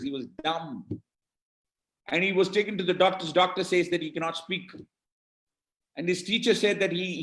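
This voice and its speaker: High-voiced Indian man giving a motivational talk. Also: a bit bright, echoey room. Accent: Indian English. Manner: emphatic and rhetorical, quizzing listeners and naming who answered right. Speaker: motivational speaker. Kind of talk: motivational talk to an online audience.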